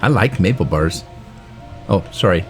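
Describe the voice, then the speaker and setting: A man's voice: low voice, lively intonation, a little slow, faint music behind. A man playing a game and joking along with the characters in a wisecracking way. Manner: wisecracking, talks back to characters. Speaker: gamer doing a let's play. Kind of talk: joking let's play commentary.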